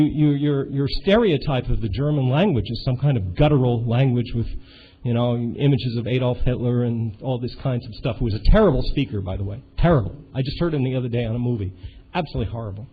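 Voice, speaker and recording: A man talks to a seminar group in an unscripted, halting way, stopping to restart his sentences and hunting for words. His voice sits at an ordinary pitch. The recording is muffled, with a faint hiss behind him. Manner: halting, frequent restarts and fillers. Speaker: seminar participant. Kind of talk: informal seminar talk.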